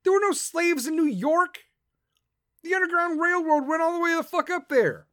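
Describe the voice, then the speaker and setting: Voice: very high voice, moderate pace, a bit bright, dry recording, clean studio sound. A podcast host delivering a profane, combative political rant.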